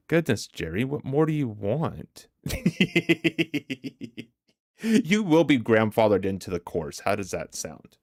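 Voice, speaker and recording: A man hosts a casual livestream from his home setup, answering viewers' comments aloud. He talks slowly in a somewhat low voice and laughs often. The sound is close and dry, with no room echo. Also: darkish tone. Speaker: livestream host.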